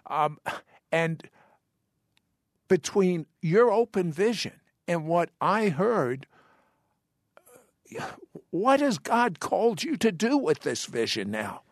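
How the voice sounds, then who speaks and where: A man hosting a Christian television interview, asking slow, earnest questions. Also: sits high, big pitch swings, dry recording, studio quality. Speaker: host.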